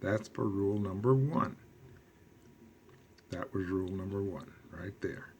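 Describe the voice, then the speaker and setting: Slow, deliberate male language teacher. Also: deep voice, dark tone, slight background noise. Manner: slow and deliberate, quizzing the class; repeats key phrases for emphasis. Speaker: Spanish teacher. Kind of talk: recorded classroom lesson.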